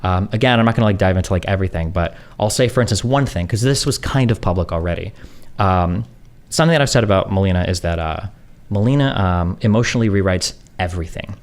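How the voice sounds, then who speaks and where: Fast-talking man venting sarcastically. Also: deep voice. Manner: sarcastic, exasperated, mimics others mid-story. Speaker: streamer. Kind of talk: casual venting monologue.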